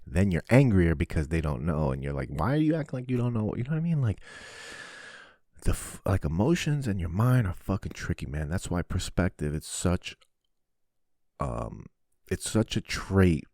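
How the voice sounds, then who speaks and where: A man hosting a podcast, giving a casual, animated monologue full of swearing. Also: deep voice, moderate pace, dry recording, studio quality. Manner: swears often, animated and preachy. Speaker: podcast host.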